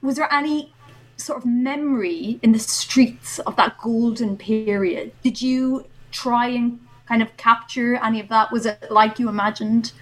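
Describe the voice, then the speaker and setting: Woman, podcast co-host, high voice, playful, wry quips. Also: unhurried, poor audio. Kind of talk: casual podcast chat.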